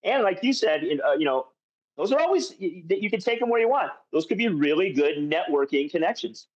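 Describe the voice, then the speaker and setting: A man's voice: sits high, very animated, brisk. A male podcast host with an easygoing manner, chiming in with short affirmations and talking about the sport. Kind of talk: conversational interview. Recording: dull lo-fi audio.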